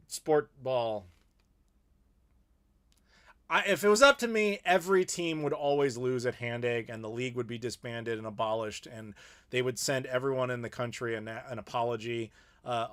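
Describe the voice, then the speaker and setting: A man's voice: mid-range voice, fairly bright tone. A middle-aged American man hosting a casual live Q&A, ranting playfully and reading viewer messages. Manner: opinionated, playful ranting with laughs. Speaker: YouTube host.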